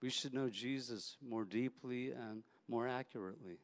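Brief: a male pastor preaching casually and anecdotally, mid-pitched, with echo from a church hall. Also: moderate pace. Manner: conversational, anecdotal, repeats words. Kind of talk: sermon. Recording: echoey hall.

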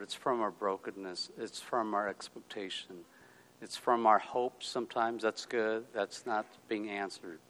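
A man's voice: on the low side, a bit bright, poor audio. Conversational male pastor preaching. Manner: conversational, acts out quoted voices, frequent "okay?". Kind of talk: sermon.

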